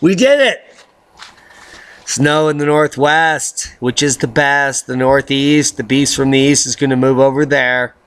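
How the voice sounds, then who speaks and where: Man, middle-aged, bright tone, slow drawn-out delivery, jokey weather commentary. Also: flat delivery, smooth. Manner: jokey, rhyming asides, theatrical swings into high baby talk. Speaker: video blogger host. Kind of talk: rambling weather commentary vlog.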